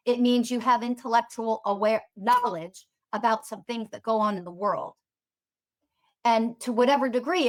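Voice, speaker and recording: A woman hosting a podcast as a spiritual teacher, delivering a heated, profane monologue full of sarcastic rhetorical questions. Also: fairly high pitch.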